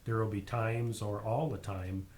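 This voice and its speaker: A man with a fairly low voice explains his point plainly and matter-of-factly in a studio talk. A faint rumble sits under his voice. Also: fairly even intonation, a little slow, darkish tone.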